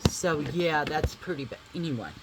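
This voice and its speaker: A woman's voice: sits low, normal speed, a little hiss or hum, low-quality recording. A woman, chatting casually and swearing freely while doing her makeup at home. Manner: chatty, swears casually, addresses viewers as y'all. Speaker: vlogger.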